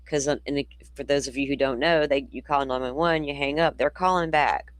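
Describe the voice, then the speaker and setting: A woman's voice: sits low, normal speed, no room sound. A woman hosting a true crime show, reading news reports aloud and breaking off into opinionated, conversational asides to her viewers. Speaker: true crime podcast host.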